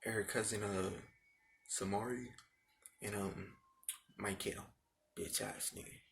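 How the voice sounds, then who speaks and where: Gravelly low-voiced young man. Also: steady tone, slow pace, fairly bright tone, slight background noise. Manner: rambling, profane, repeats himself. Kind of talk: casual storytelling.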